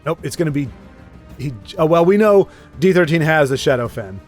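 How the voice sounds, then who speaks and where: A man with a fairly high voice gives relaxed, rambling commentary on a card game, often restarting his sentences and poking fun at himself. Soft music plays faintly under his talk. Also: fairly quick. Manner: chatty, self-deprecating, rambling with restarts. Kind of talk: casual gameplay commentary.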